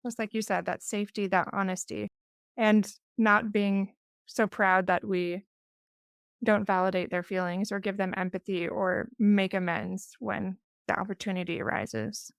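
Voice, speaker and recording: A woman in her forties hosting a podcast, speaking in a thoughtful, measured, reflective way. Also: mid-range voice, flat delivery, gravelly, dry recording, clean studio sound. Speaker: podcast host. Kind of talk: reflective conversation.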